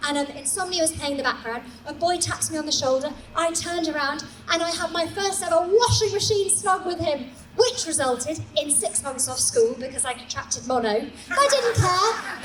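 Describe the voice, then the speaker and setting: A woman in her forties tells comic stories live on a small stage, animated and self-mocking. Her voice sits high, and the room echoes with steady noise behind her. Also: far from the mic. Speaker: storyteller. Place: small comedy venue, indoors.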